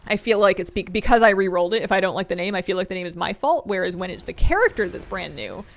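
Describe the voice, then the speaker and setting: A woman's voice: medium pitch, animated, fast talker. A woman streaming a game, chatting casually in a rambling, playful way, laughing often and answering chat.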